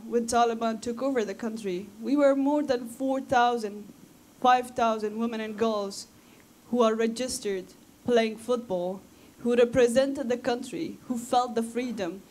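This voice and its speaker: A woman's voice: on the high side, a little slow, a little mellow. A woman from Afghanistan, giving a personal talk to students at a school, earnest and impassioned, sometimes restarting her phrases. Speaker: guest speaker at a school talk. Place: school assembly room.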